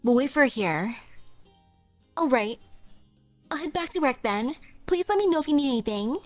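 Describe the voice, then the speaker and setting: A woman's voice: high-pitched, big pitch swings, moderate pace, a little mellow, no echo, faint music behind. A woman voicing a meek young female café worker who is eager to help.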